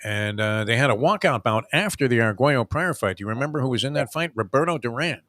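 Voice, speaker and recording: A man's voice: mid-range voice, lively intonation, fast talker, a bit bright, no room sound. Older man telling rambling sports stories. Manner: rambling storyteller, many fillers and restarts. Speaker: show host. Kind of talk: casual sports talk. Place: home room.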